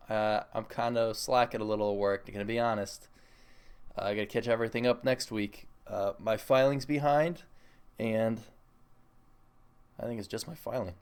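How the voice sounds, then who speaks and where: A man's voice: medium pitch, smooth. A young man hosting a solo podcast, chatting casually in a rambling, self-mocking, jokey way. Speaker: podcast host.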